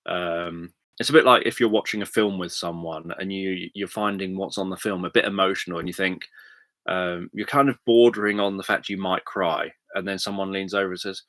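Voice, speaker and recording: A man with a low voice talks casually to livestream viewers as a therapist. He thinks aloud with lots of ums and restarts, his tone bright and clear, close to a dry mic. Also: fairly even intonation, brisk, no echo. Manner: rambling, thinking aloud with many fillers. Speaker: hypnotherapist answering viewer questions.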